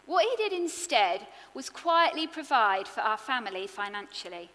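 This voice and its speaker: A woman preaching a sermon, earnest and expressive, building her points in rhythmic lists. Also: on the high side, normal speed, big-room sound.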